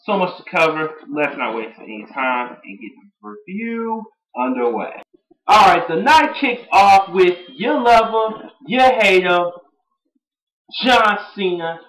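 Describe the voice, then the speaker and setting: Young man, casual rambling recap, excitable, mimics quotes, roomy echo. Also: on the high side, a little slow. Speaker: wrestling show reviewer. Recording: echoey room.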